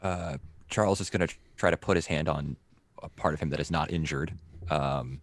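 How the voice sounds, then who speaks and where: A man playing in a tabletop game, describing his character's actions in a halting way. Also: extremely low pitch. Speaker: player.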